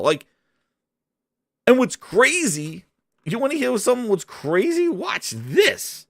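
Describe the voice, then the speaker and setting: Man, gaming stream host, casual rant, high voice, dry close sound. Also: takes it slowly, pauses often, dry recording. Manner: animated, ranting, chats with viewers. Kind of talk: casual livestream commentary.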